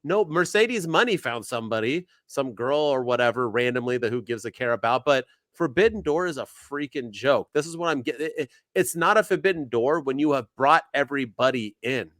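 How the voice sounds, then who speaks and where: A man co-hosting a wrestling podcast, talking in animated, ranting bursts. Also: mid-range voice, brisk, hardly any pauses, dry recording, clean studio sound. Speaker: podcast co-host. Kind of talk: casual podcast chat.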